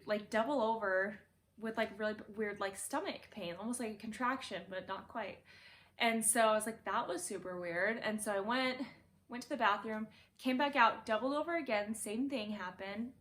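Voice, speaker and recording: Chatty young woman, slightly high voice. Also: fairly bright tone. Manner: chatty, laughing, lots of "like". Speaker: vlogger telling her birth story. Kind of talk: casual storytelling to camera. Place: her bedroom, in a recliner.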